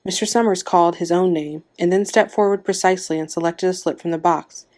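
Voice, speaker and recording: A woman's voice: lowish voice, fairly even intonation, brisk, darkish tone. A woman narrating a short story, reading aloud and giving the characters' lines small shifts of voice.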